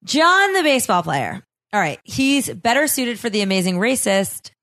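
A woman's voice: on the high side, sing-song, normal speed, fairly bright tone. A woman on a casual podcast, sarcastic and blunt, swearing freely while she rips into people. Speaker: podcast guest.

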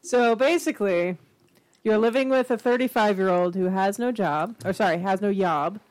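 A woman's voice: mid-range voice, normal speed, darkish tone. A woman co-hosting a podcast in casual chat, with dry, teasing remarks. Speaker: podcast co-host.

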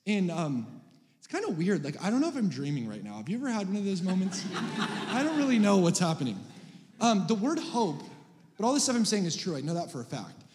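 A man giving an energetic, joking sermon as a guest preacher, sometimes rising to shouts. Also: high voice, a little fast. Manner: joking, animated, builds to shouts. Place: large church hall. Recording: reverberant hall.

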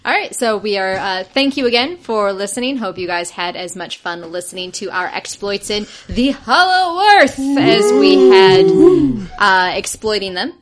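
A woman's voice: medium pitch, moderate pace, few pauses, background noise. Woman GM, easygoing, plain explainer, podcast wrap-up chat. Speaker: game master. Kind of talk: post-session chat about a tabletop game.

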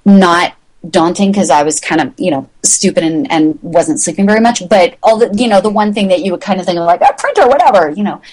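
A woman's voice: steady tone, brisk, darkish tone, rough recording. A middle-aged woman telling a rambling story in an interview and acting out the voices of the people in it. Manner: chatty, rambling, acts out quoted voices with big pitch jumps. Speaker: magazine founder, guest.

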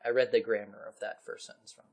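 A man hosting a casual talk, reading a historical article aloud with lively asides and laughs. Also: lowish voice, fast.

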